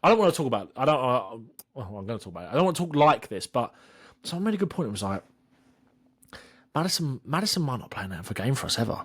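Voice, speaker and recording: Young bloke co-hosting a football pod, talks fast, voice goes up and down a lot. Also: male voice, mid-range voice, big pitch swings, breathy edge. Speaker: podcast co-host. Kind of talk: casual football chat.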